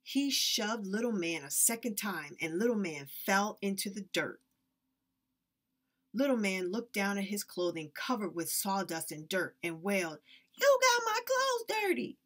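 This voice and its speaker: A woman reads a children's story aloud, with lively, expressive narration. Her pitch sits in the middle range for a woman. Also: unhurried. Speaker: reader.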